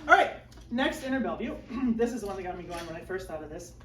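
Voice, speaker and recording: Sing-song and fast, with a medium pitch and a somewhat bright tone, a woman acts out her whiny inner voice during a self-mocking stand-up set at a small comedy show. The recording has a roomy, live feel, a mic placed a bit far away, and faint noise behind it. Listeners laugh in the background.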